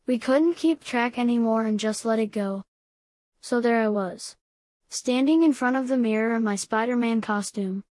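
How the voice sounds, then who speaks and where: A woman reads a first-person story aloud at a steady, even pace. Her voice sits a little high, and it is recorded close up with no room sound at all. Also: no echo. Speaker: audiobook reader.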